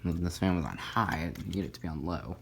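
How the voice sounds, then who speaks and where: A man's voice: low voice, fairly quick, vocal fry, fairly bright tone, slight background noise. A man casually narrating a hobby video about a ceiling fan, rambling with lots of fillers and self-deprecating asides. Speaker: ceiling fan collector showing a fan.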